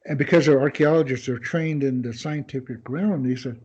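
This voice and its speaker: A man's voice: medium pitch, moderate pace, darkish tone, slightly rough. A man guesting on a podcast who tells rambling anecdotes in casual storytelling style, acting out other people's lines as he goes. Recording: dull lo-fi podcast audio.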